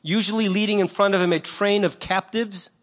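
High-voiced pastor preaching conversationally. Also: male voice, brisk. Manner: conversational and animated, acting out little quoted voices. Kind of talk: sermon.

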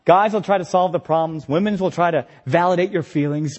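A man preaching a sermon as pastor, impassioned, moving between quiet reflection and loud exhortation. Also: fairly high pitch, fairly quick, hardly any pauses. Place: retreat meeting hall. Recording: long hall reverb.

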